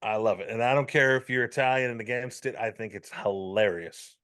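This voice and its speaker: A man's voice: medium pitch, fairly quick, fairly bright tone. A man co-hosting a casual podcast chat, ranting and joking with profanity. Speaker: podcast co-host.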